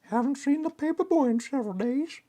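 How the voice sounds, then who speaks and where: A man's voice: very high-pitched, brisk, warm tone, pitched above the performer's own voice. A man doing an impression of a creepy, quavering old man from a cartoon. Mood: leering.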